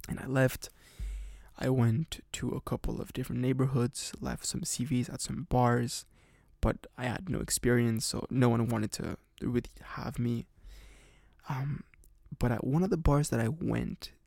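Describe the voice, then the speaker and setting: A man's voice: medium pitch, steady tone, measured pace, vocal fry, a little mellow, dry recording, clean studio sound. A man in his twenties casually telling a personal story on a podcast, rambling with lots of fillers. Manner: rambling, many fillers and restarts. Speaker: podcast host.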